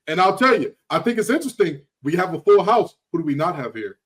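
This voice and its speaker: Wry male host opening a sports chat, jokey, high voice. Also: sing-song, fast, a bit bright. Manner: joking, wry. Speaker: podcast host. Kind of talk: casual sports talk.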